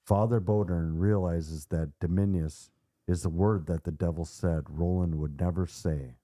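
A man hosting a podcast, retelling a story in a measured, dramatic way. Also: low voice, mellow, dry recording, studio quality. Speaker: podcast host.

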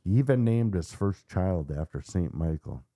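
A man hosting a podcast, retelling a story in a measured, dramatic way. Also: sits low, animated, dark tone, no room sound, clean studio sound. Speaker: podcast host.

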